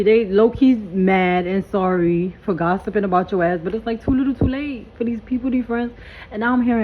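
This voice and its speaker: A woman's voice: mid-range voice, brisk, phone-quality sound, slight background noise. A woman doing a casual spiritual reading vlog, hyped and blunt, talking in slang and swearing freely. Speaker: tarot reader.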